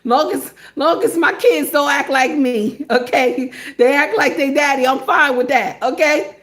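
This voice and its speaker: A woman hosts a casual reaction video. She talks in an animated way, circling back to repeat phrases and checking in with her viewers. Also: high-pitched, unhurried. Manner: animated, repeats phrases, says okay constantly.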